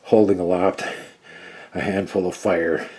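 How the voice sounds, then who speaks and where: A man narrating a tabletop game as game master, animated and dropping to a hush for suspense. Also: low voice, unhurried, breathy edge.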